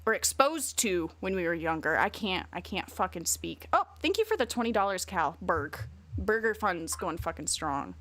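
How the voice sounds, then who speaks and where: A woman's voice: fairly low pitch, lively intonation, moderate pace, fairly bright tone. A woman streamer chatting casually and bluntly, rambling and swearing a lot. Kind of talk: casual livestream chat.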